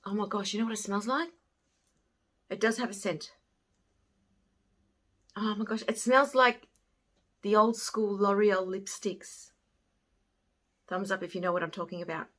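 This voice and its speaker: A woman casually reviewing beauty products she bought, chatty and often trailing off softly at the ends of her thoughts. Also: medium pitch, steady tone, measured pace, long pauses. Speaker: beauty haul vlogger.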